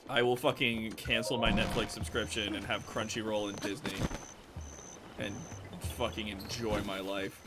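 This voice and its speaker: Male streamer, animated casual chatter with frequent swearing, game music in the background. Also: fairly low pitch, moderate pace. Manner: animated, swears a lot, laughs often. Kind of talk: casual gaming stream chat.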